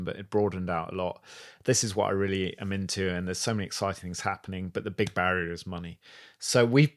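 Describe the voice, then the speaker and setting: A man's voice: low-pitched, fairly bright tone. A man guesting on a podcast, telling stories with enthusiasm in a casual conversational way, often restarting his sentences.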